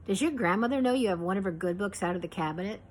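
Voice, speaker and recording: A woman's voice: mid-range voice, very fast, natural voice. A woman voicing a tired, divorced mother who explains things matter-of-factly. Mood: weary. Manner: flat, matter-of-fact.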